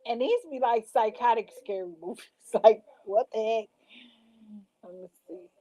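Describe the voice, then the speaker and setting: A woman's voice: a little high, normal speed, mellow, low-quality recording. A woman in casual vlog chat, reading out show titles and reacting with slangy asides. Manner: chatty, reads titles aloud, slangy asides. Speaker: vlogger reacting to show picks.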